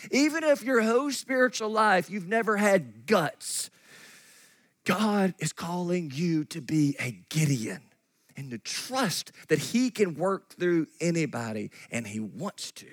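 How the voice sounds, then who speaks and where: A man preaching a sermon as pastor, animated and acting out the voices of the people in his story. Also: high voice, no room sound. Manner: animated, acts out quoted voices of God and Gideon. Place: church sanctuary.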